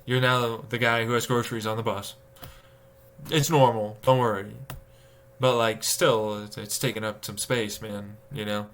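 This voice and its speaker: A man's voice: on the low side, steady tone, unhurried, fairly bright tone. A young adult man livestreaming, ranting casually and profanely about commuting costs and acting out his own exasperated thoughts. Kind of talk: casual rant to stream chat.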